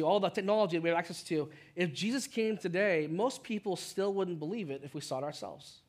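A man preaching a sermon as pastor, conversational, acting out quick voices of the people in the story. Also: sits high.

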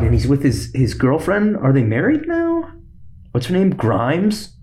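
Young guy rambling fast on his podcast, slight lisp, keeps cutting himself off. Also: medium pitch, very animated, a little mellow, a little hiss or hum. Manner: rambling, fast-talking, self-interrupting. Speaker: podcast host. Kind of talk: casual solo podcast chat.

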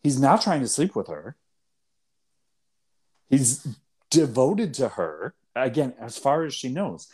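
Guy cohost breaking down a show point by point, middle-pitched, lively up and down delivery. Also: slow, long pauses, husky. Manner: argumentative, lays out points step by step. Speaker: podcast co-host. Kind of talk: casual TV recap chat.

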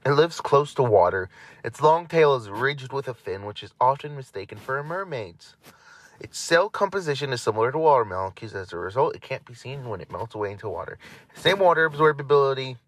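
A man's voice: medium pitch, lively intonation, brisk, a bit bright, dry recording. A man hosting a casual podcast, reading entries aloud with frequent stumbles, restarts and chatty asides. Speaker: podcast host.

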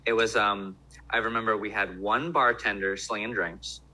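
A man's voice: lowish voice, steady tone, normal speed, sharp tone, low-quality recording. A man who worked in restaurants, talking in loose casual chat with many restarts. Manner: rambling, lots of fillers and restarts.

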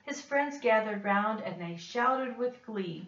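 A woman reading a rhyming picture book aloud with measured, expressive delivery. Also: mid-range voice. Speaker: storyteller. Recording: dull, roomy, distant recording.

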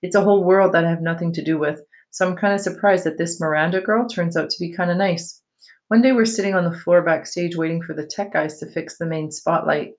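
A reader narrating a novel aloud for a class, in a plain, even storytelling manner. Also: medium pitch, fairly quick, poor audio. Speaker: teacher reading aloud.

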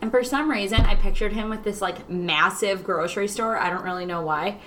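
A woman's voice: medium pitch, brisk, background noise. A young woman co-hosting a podcast in casual, giggly chat full of fillers. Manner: giggly, chatty, lots of fillers. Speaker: podcast co-host.

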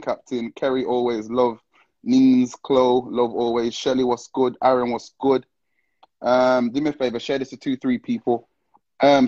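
A man's voice: medium pitch, a little mellow, no echo, muffled recording. Slangy man hosting a live stream. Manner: slangy, greets viewers one after another, laughs often. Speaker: livestream host. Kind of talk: casual live-stream chat.

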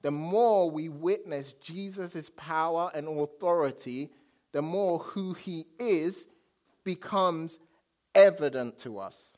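Slow, dramatic male pastor preaching. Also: a little high. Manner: storytelling with dramatic swings from loud to hushed. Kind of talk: sermon.

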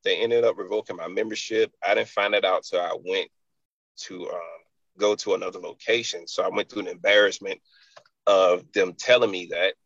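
Low gravelly guy rambling thru a story in an interview, dull dry recording. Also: steady tone, normal speed, fairly bright tone, no room sound. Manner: loose, rambling, many "you know" fillers. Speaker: health and fitness entrepreneur.

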